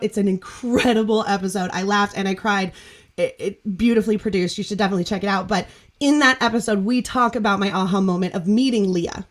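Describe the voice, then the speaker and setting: A woman hosting a casual podcast chat over a video call, telling a story in a bubbly, gushing way and laughing often. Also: medium pitch. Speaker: podcast host.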